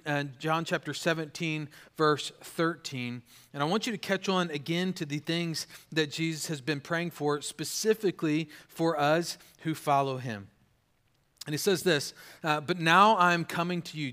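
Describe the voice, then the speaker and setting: A man's voice: fairly high pitch, fairly bright tone. A man preaching a sermon as pastor, in a conversational way with many fillers and tag questions.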